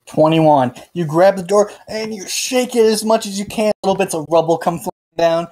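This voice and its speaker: Halting game master man narrating. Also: sits high, warm tone. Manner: halting, filler-heavy narration with many "like"s.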